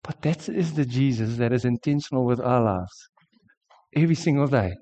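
A man's voice: medium pitch, moderate pace, mellow, big-room sound, dull audio. A South African man in his forties, sick with a sore throat, telling an earnest sermon story with frequent restarts. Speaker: preacher. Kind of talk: sermon testimony.

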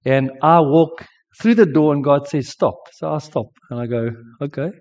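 A man's voice: a little high, moderate pace, darkish tone, big-room sound, dull audio. A South African man in his forties, sick with a sore throat, telling an earnest sermon story with frequent restarts. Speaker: preacher. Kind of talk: sermon testimony.

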